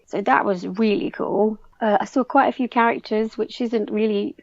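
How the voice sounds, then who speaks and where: A young English woman chatting excitedly as a podcast guest, peppering her story with "like". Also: medium pitch, moderate pace, dry recording, muffled recording. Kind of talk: casual chat.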